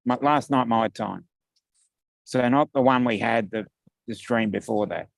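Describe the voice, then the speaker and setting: A slow-talking man with a gravelly, creaky voice joins a livestream chat. He speaks haltingly and fills gaps with fillers, and the sound is dry and close. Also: medium pitch, no room sound. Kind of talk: casual chat.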